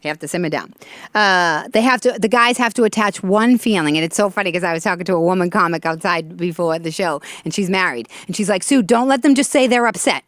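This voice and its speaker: Chatty animated woman hosting a talk show. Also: lowish voice, fast talker, no room sound, clean studio sound. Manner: animated, chatty, laughs often. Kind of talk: stand-up style talk show monologue.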